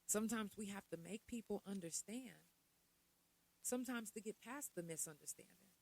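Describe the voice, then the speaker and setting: A middle-aged woman speaks at normal speed in a medium-pitched voice, hosting a loose, conversational podcast monologue aimed straight at her audience, full of rhetorical questions and asides. The recording quality is low.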